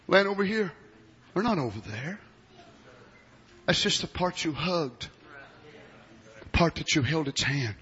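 A man preaching an impassioned sermon, shouting and exclaiming glory and hallelujah. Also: a little high, expressive, unhurried, pauses often, muffled recording.

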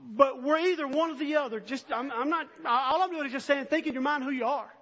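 Male preacher, very high and bright tone, earnest sermon delivery, lo-fi sound. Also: brisk. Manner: earnest, swells from soft reading to impassioned near-shouting. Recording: dull lo-fi recording.

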